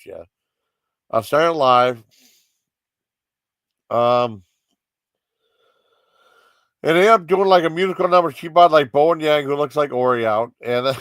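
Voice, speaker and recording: Reviewing TV comedy sketches, this guy rambles casually with many fillers and giggles along the way. The recording is dry and close, with no room sound, and his voice sits at medium pitch.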